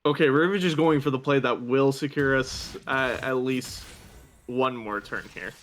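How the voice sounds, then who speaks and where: A man's voice: medium pitch, moderate pace, fairly bright tone, slight background noise. A man casting a live esports card game match, calling plays and hyping up the next game in a chatty way. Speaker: esports caster. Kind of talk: live play-by-play commentary.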